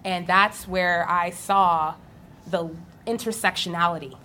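Young woman talking on a panel, animated, laughs a lot, a bit of background noise. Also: lowish voice, measured pace. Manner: animated storytelling, laughing often. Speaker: physical therapist on a panel. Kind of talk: live panel talk.

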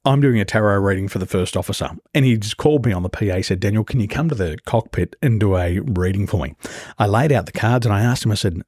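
A man's voice: lowish voice, expressive, fast, darkish tone, slightly rough, dry recording, studio quality. A man who is a business coach, telling stories as a guest in an interview and acting out the voices of the people he quotes. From Australia. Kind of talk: storytelling interview.

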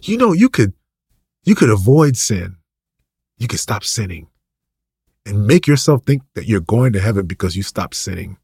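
A man's voice: lowish voice, big pitch swings, moderate pace, pauses often, a little mellow, husky, no room sound, studio quality. A man preaching an impassioned, ranting sermon, full of repetition and rhetorical questions.

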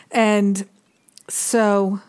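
Woman, mid-pitched voice, unhurried spiritual teacher; earnest, reflective delivery with frequent pauses. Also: darkish tone, clean tone. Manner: measured and earnest, pausing often.

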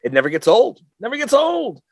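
A middle-aged man rambles through casual comedy banter, laughing as he goes. His pitch leaps around in a lively way. The sound is dry and close. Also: a little fast, dry recording. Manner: rambling, laughs a lot, acts out voices. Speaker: podcast co-host.

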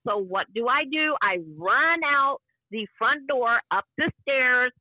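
A woman's voice: on the high side, measured pace, no echo. A woman in her fifties, an interview guest, telling a personal story in vivid, emotional detail and acting out what people said. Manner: vivid, emotional retelling that acts out past dialogue. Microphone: phone call. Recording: dry, tinny phone line.

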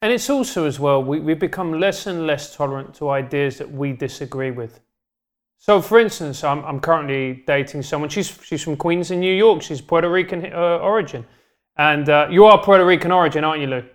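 A man, a podcast guest in animated, joking casual chat. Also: on the high side, moderate pace. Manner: animated, joking, rambling with restarts.

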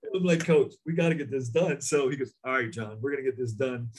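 A middle-aged man, a former basketball coach, telling recruiting stories in an animated way, acting out other people's lines. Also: mid-range voice, fast, a little hiss or hum. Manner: animated storyteller, acts out voices. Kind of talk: casual chat.

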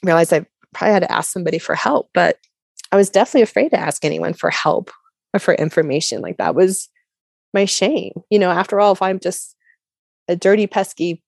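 A woman's voice: on the low side, lively intonation, a little fast, vocal fry, breathy edge, dry recording, clean studio sound. A woman from Colorado telling her personal faith story as a guest, candid and chatty with lots of "like" and "you know.". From Colorado, USA. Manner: earnest and open. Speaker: guest sharing her testimony.

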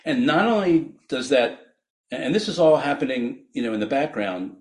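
A man's voice: medium pitch, sing-song, normal speed, a little mellow. A man, a physician guest on a podcast, explaining his ideas earnestly with frequent laughs and restarts.

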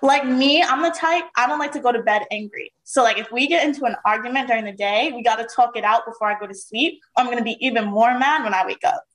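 A woman's voice: fairly high pitch, fast, few pauses, a bit bright, poor audio. A woman co-hosting a podcast, making her case in assertive casual debate and explaining at length. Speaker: podcast co-host.

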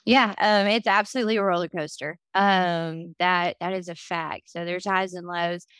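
A woman's voice: fairly low pitch, fairly even intonation, normal speed, a bit bright, smooth, dry recording. A woman guest on a podcast, telling her story candidly and with lots of fillers. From Florida. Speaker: podcast guest, business owner. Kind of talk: casual interview talk.

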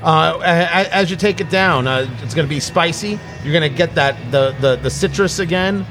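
Here the tasting-chat host, a middle-aged man, speaks at a moderate pace in a voice on the high side. He rambles, cuts himself off mid-sentence to begin again, and keeps a joking tone.

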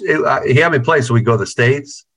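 Speaking at a quick pace, a middle-aged guitarist from New York swears and rambles his way through stories, often repeating himself, in a relaxed video-call interview. His voice is mid-range and fairly bright, with some vocal fry.

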